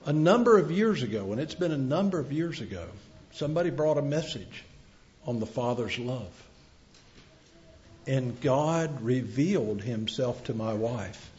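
A middle-aged male preacher giving a sermon, swinging from loud emphatic cries to soft, quiet words. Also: medium pitch. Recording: dull lo-fi sermon recording.

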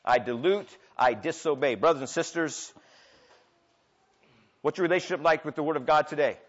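A pastor in his thirties or forties delivers an impassioned sermon, rising to loud, emphatic peaks and dropping to near-quiet asides. His voice sits fairly high for a man. The recording is dull and lo-fi, with muffled highs. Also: normal speed.

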